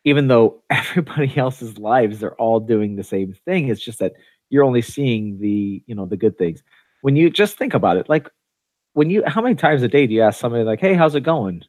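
A man in a casual podcast chat, his voice at an ordinary middle pitch. He rambles and restarts, filling gaps with "um" and "you know". The sound is dry and close. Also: animated, brisk, a little mellow, no room sound. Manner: rambling, many fillers and restarts. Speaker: podcast co-host.

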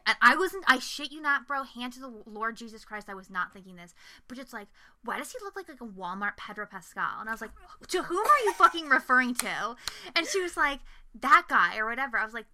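A young woman co-hosting a casual podcast, her voice sitting a little high with a very bright, sharp edge. She tells stories with profane, animated energy and acts out every quote as she goes. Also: fast talker. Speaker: podcast co-host.

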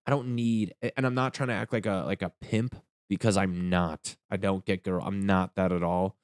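A man's voice: sits low, steady tone, normal speed, no room sound, studio quality. A young man doing a crude, rambling stand-up comedy rant. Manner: crude, rambling, jumps into silly voices.

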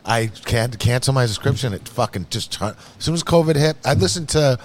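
A man's voice: mid-range voice, animated, a little fast. A man from Massachusetts with a Massachusetts accent, hosting a casual podcast chat in a rambling, profane, easygoing way. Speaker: podcast host.

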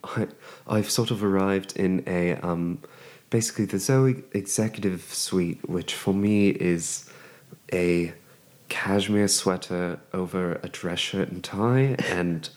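A man's voice: low-pitched, takes it slowly, darkish tone. A man playing a tabletop game, speaking in a prim, posh, flustered way. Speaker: player.

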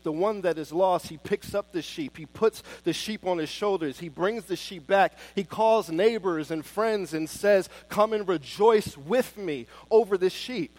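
A man preaching a sermon with fervent emphasis, swinging between loud declarations and soft, hushed pleas. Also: high voice, no room sound.

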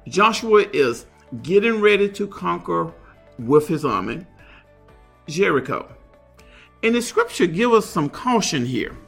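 A man, a pastor, teaching a Bible study in an unhurried, explanatory way, reading verses aloud and commenting on them. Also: sits high, sing-song, vocal fry, fairly bright tone, slightly rough, faint music behind.

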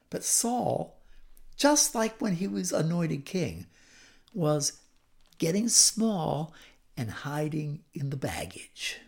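A woman's voice: medium pitch, a little mellow. A woman retelling a Bible story in a chatty teaching style, with asides and repeated words.

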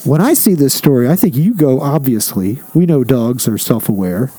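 A man's voice: mid-range voice, lively intonation, moderate pace, dark tone, husky, dry recording. A man co-hosting a casual podcast, making wry, dry jokes. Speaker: podcast co-host. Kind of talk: casual chat.

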